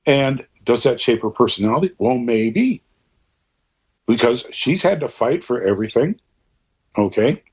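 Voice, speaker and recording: An older man speaks in a relaxed interview conversation, his voice husky with a breathy edge. He rambles earnestly, stacking up thoughts and throwing in lively asides as he goes. His pitch sits in a middling range for a man. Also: measured pace, long pauses.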